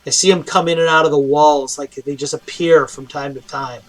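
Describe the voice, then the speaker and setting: A man's voice: a little high, fairly even intonation, brisk, lightly acted. A man voicing a weary human prisoner who rambles, hesitates and pleads in a tabletop game.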